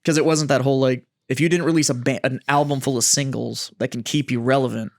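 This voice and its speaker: A man's voice: mid-range voice, steady tone, fast, creaky, no echo, clean studio sound. A man co-hosting a podcast, telling rambling, profane stories with lots of fillers. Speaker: podcast co-host. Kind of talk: casual chat.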